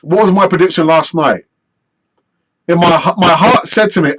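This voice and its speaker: A man hosting a live football fan stream, chatty and animated as he answers viewer messages. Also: sits high, normal speed, slightly rough, muffled recording. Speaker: football fan channel host.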